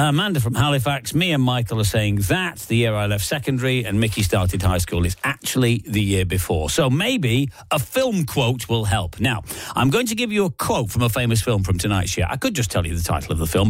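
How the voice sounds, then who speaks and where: A man's voice: mid-range voice, sing-song, a little fast, dry recording. A man with a Lancashire accent presenting a radio show, chatty and jokey as he reads out listeners' emails. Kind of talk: casual radio chat. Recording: dry studio sound with faint music.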